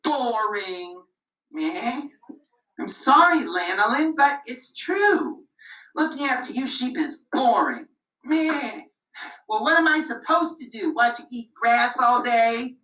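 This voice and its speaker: A woman doing a restless young shepherd boy, sighing complaints, bright voice, heard from a distance. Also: a little high, animated, voice pushed up, full character voice. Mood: bored. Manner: whiny, sighing, drawn-out complaints. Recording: roomy, mic at a distance.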